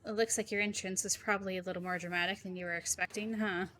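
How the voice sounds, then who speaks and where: A woman's voice: medium pitch, steady tone, fast talker, bright, forceful tone, natural voice. A woman voicing a young female companion, lightly teasing and concerned.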